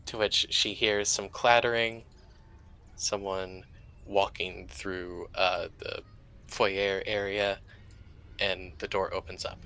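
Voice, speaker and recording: A man narrating actions in a tabletop game, speaking in a relaxed, hesitant way. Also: deep voice, slow pace, smooth, low-quality recording.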